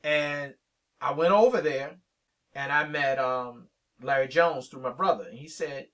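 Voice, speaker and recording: A man's voice: medium pitch, unhurried, recorded from a distance. A man, a veteran radio DJ telling stories in an interview, acting out old conversations as he goes. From Richmond, Virginia. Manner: animated storyteller acting out both sides of old conversations. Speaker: veteran hip-hop radio DJ, interview guest. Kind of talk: storytelling in a sit-down interview.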